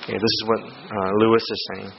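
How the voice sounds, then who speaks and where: A man's voice: fairly low pitch, little pitch movement, a little fast, creaky. Earnest man preaching, lots of ums and okays, kinda dull lo-fi sound w faint room hum. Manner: earnest, frequent fillers and "okay?" check-ins. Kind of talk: sermon.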